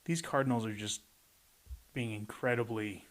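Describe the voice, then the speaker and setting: Here a man on the low side reads at normal speed from a rhyming picture book, pausing between pages for playful, chatty commentary.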